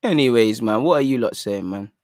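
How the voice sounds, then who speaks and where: A young man hosting a livestream, talking in animated, slangy casual banter. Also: medium pitch, fairly quick, no echo, studio quality. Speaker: fan channel livestream host.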